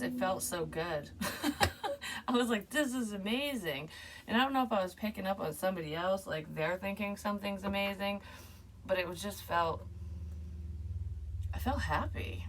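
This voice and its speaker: A woman with a low voice chats her way through a tarot reading for her viewers, rambling and laughing along the way. The recording carries a steady, clear hiss of background noise. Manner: rambling, chatty, laughs often. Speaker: tarot reader. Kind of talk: casual tarot reading vlog.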